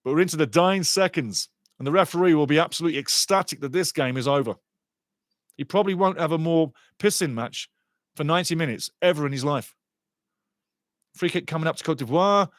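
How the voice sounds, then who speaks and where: Excitable man calling a soccer match. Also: on the high side, brisk, dry recording, clean studio sound. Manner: excitable, sarcastic, repeats phrases. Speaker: watchalong commentator. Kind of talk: live soccer watchalong commentary.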